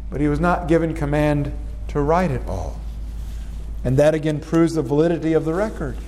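A man's voice: moderate pace, big-room sound, a little hiss or hum. A man preaching a verse-by-verse sermon, acting out quoted lines and asking his listeners rhetorical questions. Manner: animated, acts out quoted lines with rising pitch; asks the congregation rhetorical questions. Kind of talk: expository sermon.

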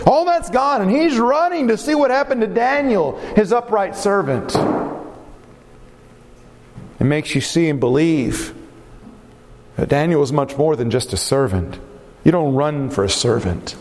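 A man preaching a sermon, telling a story dramatically, with sudden swings in pitch and pace. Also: expressive, unhurried, long pauses, in a large hall. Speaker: pastor.

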